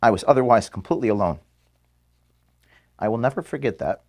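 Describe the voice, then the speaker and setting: A man, the founder of an organization, giving an earnest farewell speech to his staff in an office. He is emotional and halting, with restarts and pauses, and is being filmed. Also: mid-range voice, animated, a little mellow. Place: office room at headquarters. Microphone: filmed by camera.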